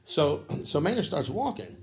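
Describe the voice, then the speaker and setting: A man in his fifties, a jazz saxophonist, telling a story in a rambling, animated way, with restarts and frequent throat-clearing. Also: fairly high pitch, normal speed. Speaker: jazz saxophonist recounting a memory. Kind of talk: casual spoken storytelling.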